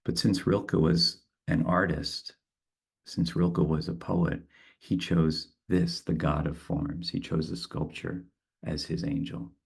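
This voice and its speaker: A man, a poet, leading a guided meditation, speaking in a slow and thoughtful way with halting repeats as he reads and reflects on a poem. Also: sits low, flat delivery, vocal fry, husky. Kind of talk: reflective talk and poetry reading.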